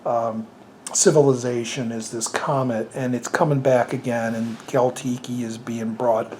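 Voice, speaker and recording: A man's voice: medium pitch, fairly even intonation, a little slow, darkish tone, a little hiss or hum. Rambling man giving a casual review. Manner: rambling, many fillers and restarts; amused, chuckles at the film. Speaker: movie reviewer.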